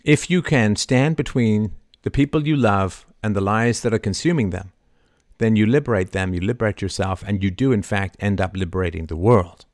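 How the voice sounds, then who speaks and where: A middle-aged man with a low-pitched voice delivers an impassioned monologue as host of his own show. He veers between quiet, confiding asides and loud, emphatic bursts. The recording is dry and close, with no room echo. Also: normal speed. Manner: passionate, swings from soft to loud emphatic outbursts. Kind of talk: impassioned live-stream monologue.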